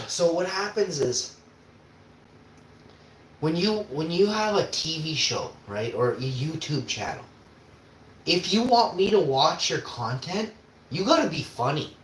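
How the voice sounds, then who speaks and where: A man on a casual livestream, cooking in his kitchen and swearing constantly as he rants, with sudden loud outbursts. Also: fairly high pitch, expressive, takes it slowly, long pauses. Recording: roomy with faint background hum.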